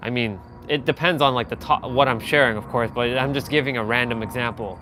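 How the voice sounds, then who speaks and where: Against a noisy background, a live stream host talks a little fast in a medium-pitched voice while giving a viewer casual speaking feedback. His talk is loose, full of fillers and restarts, and he shifts his voice up and down to demonstrate.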